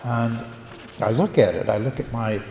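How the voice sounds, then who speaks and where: An older man, a local historian and retired teacher, gives a reflective conference talk, pausing with fillers as he tells stories. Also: mid-range voice, gravelly, darkish tone. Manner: reflective storyteller, halting with fillers. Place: conference hall. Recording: echoey hall, faint room noise.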